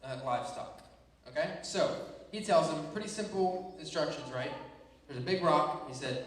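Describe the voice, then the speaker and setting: A man leads a playful kids' Bible lesson, his higher voice animated as he keeps checking in with the room. He sounds far from the mic, with heavy echo all around. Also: moderate pace, a little hiss or hum. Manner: animated, playful storytelling with frequent check-ins. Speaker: Bible teacher.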